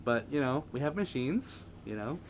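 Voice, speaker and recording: A man's voice: medium pitch, expressive, normal speed, a little hiss or hum. A man hosting a casual livestream, reading viewer comments aloud and laughing often. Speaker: livestream host.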